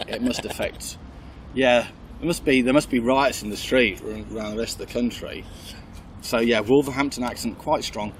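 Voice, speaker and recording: A man's voice: mid-range voice, moderate pace, slight background noise. A man from south Birmingham with a Birmingham accent, chatting animatedly and self-mockingly as an improv guest. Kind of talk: casual chat.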